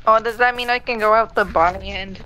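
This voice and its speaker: A woman chatting excitedly with friends during a horror game, prone to dramatic gasps and yelps. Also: medium pitch, fairly quick, low-quality recording. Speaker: gamer in voice chat. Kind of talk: casual gaming chat.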